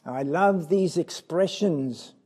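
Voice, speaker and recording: Man preaching slow and fired up, high mellow voice going way up and down, asks the room lots of questions. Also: breathy edge. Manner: impassioned, swings from loud cries to low quiet asides; rhetorical questions to the listeners. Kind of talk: sermon.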